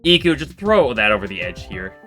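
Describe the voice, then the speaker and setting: A man's voice: on the low side, very animated, brisk, sharp tone, faint music behind. A man voicing a spoiled, selfish young female heiress who talks bluntly and dismissively. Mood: haughty.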